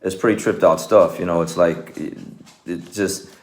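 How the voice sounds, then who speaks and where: A man's voice: sits low, fairly even intonation, moderate pace, darkish tone. A man, a martial arts coach, talking casually and earnestly to his viewers, rambling with many fillers and restarts. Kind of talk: casual talk to camera.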